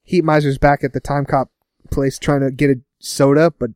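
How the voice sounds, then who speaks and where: A man casually recapping a TV episode with a co-host, laughing often and putting on quick voices for the characters. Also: medium pitch, flat delivery, darkish tone, no echo, studio quality. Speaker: podcast co-host.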